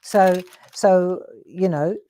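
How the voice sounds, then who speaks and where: Slow, chatty woman showing a craft. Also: fairly low pitch, steady tone, dark tone. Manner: chatty, coaxing, talks to viewers as friends. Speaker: craft show host. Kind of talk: live craft demonstration.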